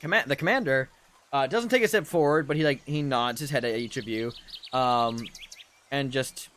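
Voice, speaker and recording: A man's voice: mid-range voice, normal speed, a bit bright, slight background noise. Rambling man running a tabletop game. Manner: loose, rambling narration with many fillers. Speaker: dungeon master.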